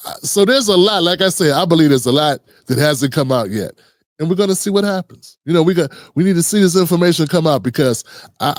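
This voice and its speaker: A man's voice: a little high, no room sound, clean studio sound. A man hosting a commentary channel, talking casually and earnestly with many restarts and rhetorical questions.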